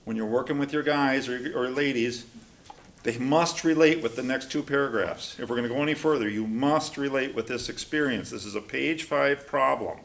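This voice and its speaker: A man's voice: medium pitch, normal speed, gravelly. A man leading a recovery study class, talking casually and animatedly, acting out quotes as he goes. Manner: conversational, animated, acts out quotes. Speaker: class leader.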